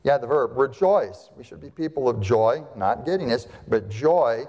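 A man's voice: medium pitch, animated, normal speed, darkish tone, highs cut off. A male pastor delivering a sermon to his congregation, emphatic, with rhetorical questions and repeated phrases. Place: church sanctuary. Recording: long hall reverb.

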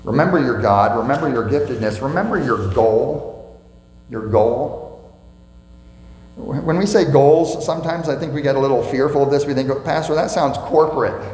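Emphatic pastor preaching in an echoing hall. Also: male voice, mid-range voice, moderate pace, a little mellow. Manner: emphatic, asks the congregation questions and repeats key phrases. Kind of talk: sermon. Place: church sanctuary. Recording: echoey church hall with faint mains hum.

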